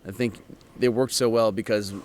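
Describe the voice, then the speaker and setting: A man chatting as a guest in an interview, easygoing and quick to laugh. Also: fairly low pitch, fairly even intonation, a little mellow. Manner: easygoing, laughs often, loose filler-heavy phrasing. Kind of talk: casual interview chat.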